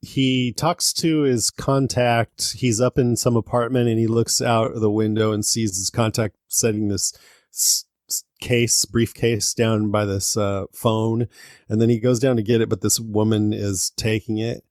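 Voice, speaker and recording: A man's voice: fairly low pitch, little pitch movement, unhurried, a little mellow, no room sound, studio quality. A man co-hosting a casual podcast about movies, recounting scenes and laughing often. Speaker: podcast co-host.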